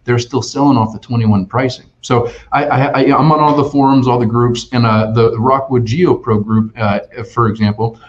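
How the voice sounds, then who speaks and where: A man talking as a sales expert on a webinar, energetic and full of restarts and "right?" tags. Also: medium pitch, moderate pace, hardly any pauses. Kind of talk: conversational webinar talk. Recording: dull lo-fi online webinar audio.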